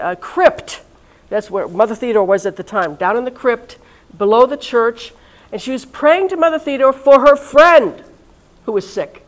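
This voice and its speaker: A woman in religious life gives a casual, lively talk at a college event and keeps turning to the audience with questions. Her voice sits fairly high. She sounds warm, chatty and at ease in front of the room. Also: low-quality recording. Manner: chatty and lively, talks directly to listeners. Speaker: religious sister leading a reunion session. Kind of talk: informal talk to a live audience.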